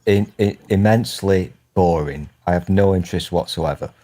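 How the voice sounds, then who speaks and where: Brief: deep-voiced man, mellow tone, dry teasing panel banter. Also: moderate pace. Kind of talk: casual group chat.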